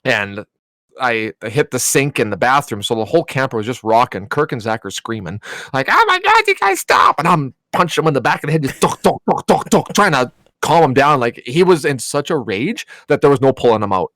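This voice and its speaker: A man co-hosting a podcast, telling a story in a casual, animated way. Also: mid-range voice, brisk, no echo. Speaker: podcast co-host.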